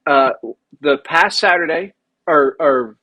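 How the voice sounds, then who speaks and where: A man from South Dakota co-hosting a podcast, telling profane, animated stories in casual chat. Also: a little high, slow, dry recording. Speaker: podcast co-host.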